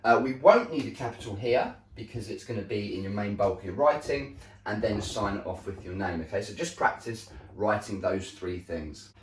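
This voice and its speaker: A male primary school teacher giving a slow, deliberate recorded lesson to young children, often checking in with "okay?". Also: lowish voice. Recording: echoey room, voice a bit far from mic.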